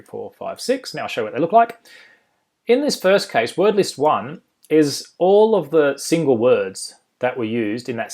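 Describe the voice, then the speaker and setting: A man with an Australian accent giving an informal screen-share tutorial, full of ums and uhs and quick self-corrections. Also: medium pitch, a little mellow. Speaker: software developer presenting a demo.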